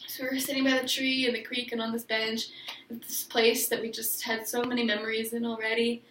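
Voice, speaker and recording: A woman's voice: fairly high pitch, little pitch movement, fairly quick, a bit bright, distant mic, slight background noise. A young woman vlogger telling a personal story in a rambling, emotional way, full of fillers and restarts, recorded a little away from the mic in an echoey room.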